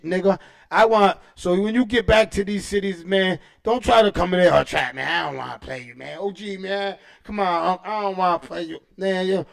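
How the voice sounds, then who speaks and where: A man hosting a casual livestream, giving shout-outs and boisterous, profane trash talk full of street slang and "you know what I'm saying.". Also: high voice, creaky. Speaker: livestream host.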